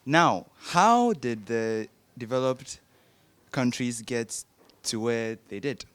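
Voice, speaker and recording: Slow, deliberate young man. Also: medium pitch, sing-song, a bit bright, clear, resonant tone. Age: young adult. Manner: deliberate, searching for words, lecturing. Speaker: panel guest. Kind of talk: explanatory panel debate.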